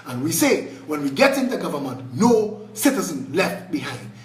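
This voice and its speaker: A Trinidadian man giving an impassioned political address on a live video, indignant and fiery, swinging between shouting and low muttering. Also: very animated, normal speed, reverberant, recorded from a distance. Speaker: political party leader.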